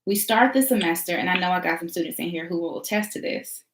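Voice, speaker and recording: A woman's voice: fairly low pitch, animated, fast talker. A woman teacher hosting a motivational talk, speaking in an emphatic, preachy style with repeated phrases and casual slang. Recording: roomy echo.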